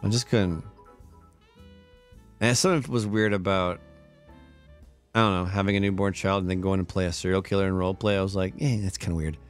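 A man hosts a casual live stream, tired but upbeat and chatty, laughing often while thanking subscribers one by one over faint background music. His deep voice is steady and brisk, broken by long pauses.

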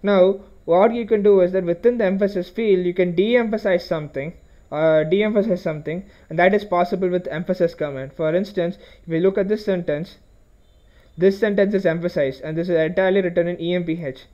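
A man's voice: high voice, steady tone, fairly quick, warm tone, lo-fi sound. A man teaching a programming lesson over a screen recording, explaining step by step with frequent okays and restarts. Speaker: programming tutorial host.

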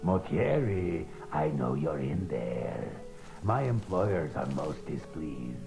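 An actor playing a menacing male lizard-folk enforcer in a video game, speaking in a slow, threatening drawl with a deep gravelly voice. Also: sing-song, heavily acted. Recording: game audio, distant, over loud music.

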